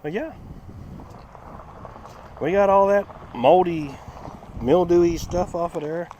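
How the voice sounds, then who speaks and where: A man hosting a casual car-restoration vlog outdoors. He talks in a chatty, folksy way and swings between a high, excited voice and a flat one. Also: slow, dull audio, slight background noise. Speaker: channel host.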